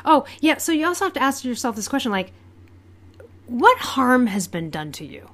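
A woman's voice: high voice, very animated, moderate pace, a bit bright. A woman co-hosting a podcast, chatting casually in a frank, blunt way with lots of rhetorical questions. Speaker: podcast co-host. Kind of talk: casual chat.

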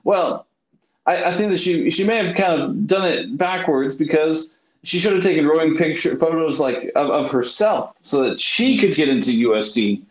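A man hosting a talk show in a relaxed, casual way. He laughs often and hesitates while he talks. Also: fairly high pitch, moderate pace, reverberant, poor audio. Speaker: radio host. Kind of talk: casual chat.

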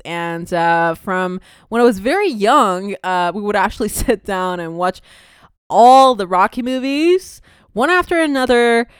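A woman's voice: medium pitch, clean tone, no room sound, clean studio sound. A young woman hosting a podcast, chatting casually and rambling with frequent fillers and laughs. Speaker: podcast host. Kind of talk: casual chat.

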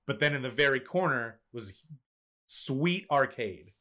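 A middle-aged man hosting a podcast in a relaxed, casual chat. His voice is bright and a little tense, and he swears freely while firing off quick agreements. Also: medium pitch. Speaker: podcast host.

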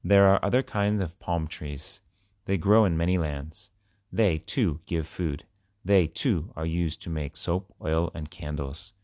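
A man reading short children's stories and simple facts aloud with clear, expressive delivery. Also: low voice, measured pace, no echo, studio quality. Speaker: reader.

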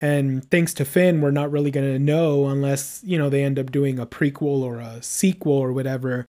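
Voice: mid-range voice, steady tone, moderate pace, mellow. A podcast co-host recapping a horror film's scenes in casual chat, with lots of "like" and "um". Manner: recaps scenes with many likes and ums. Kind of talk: casual film review chat.

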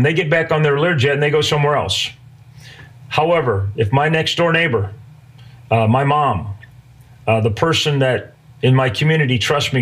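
Man, middle-aged, podcast host, folksy storytelling, relaxed filler-laden talk, mid pitch. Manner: folksy, conversational, many fillers.

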